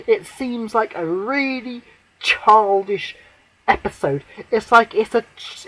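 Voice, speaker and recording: A man ranting to camera as a fan, swearing a lot, rambling with many fillers, and breaking into shouted outbursts. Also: very high voice, poor audio. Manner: shouts and near-cries in outbursts. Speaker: vlogger.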